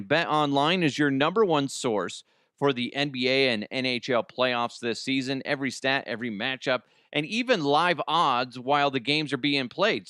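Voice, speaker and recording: A man's voice: a little high, animated, normal speed, bright, forceful tone, no echo, clean studio sound. Joking man hosting a comedy podcast. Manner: rambling, joking, laughs often. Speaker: podcast host. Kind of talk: comic news podcast chat.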